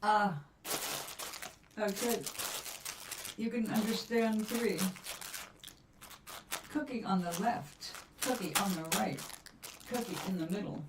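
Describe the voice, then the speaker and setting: Female live-stream host, calm and chatty, slow with pauses; slightly distant mic, faint background noise. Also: mid-range voice. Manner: soothing, chatty and unhurried, with long pauses. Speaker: livestream host reading cards for viewers. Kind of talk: relaxed live chat with viewers.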